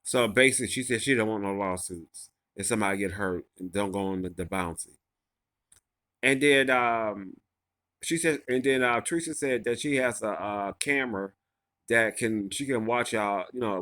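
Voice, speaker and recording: A man's voice: on the low side, moderate pace, pushed and bright. A man casually recapping a reality show episode, rambling and gossipy, full of fillers and restarts.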